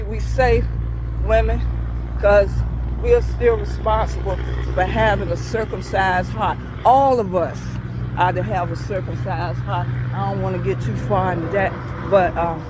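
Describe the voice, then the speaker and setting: A woman's voice: mid-range voice, background noise. A middle-aged woman, a church school teacher, giving a folksy devotional talk while out on a morning walk, chuckling as she tells stories. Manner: folksy storytelling, chuckling often.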